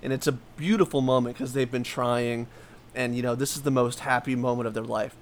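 A man's voice: medium pitch, fairly even intonation, fairly quick, slight background noise. A man chatting casually as a podcast co-host, talking candidly in a rambling way with many fillers and restarts. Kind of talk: casual chat.

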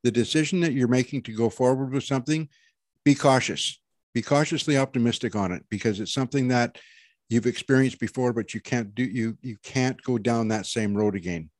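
A man's voice: medium pitch, a little fast, darkish tone, no room sound. A man in casual conversation, earnest and meandering, restarting his thoughts often as he explains how he reads people. His voice sits in the middle of the male range and is recorded dry and close. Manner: rambling, many restarts, earnest. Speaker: intuitive reader. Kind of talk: casual panel chat, giving a reading.

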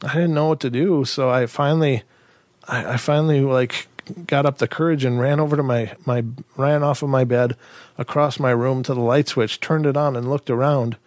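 A man's voice: mid-range voice, steady tone, moderate pace, no echo. A man hosting a podcast, telling a personal story in a casual, musing way, full of rhetorical questions and restarts. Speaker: podcast host.

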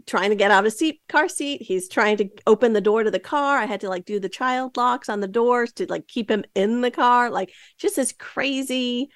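A woman's voice: on the high side, moderate pace, hardly any pauses, no echo, clean studio sound. A woman hosting a podcast, telling a story in a chatty, casual way with lots of fillers and asides. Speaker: podcast host.

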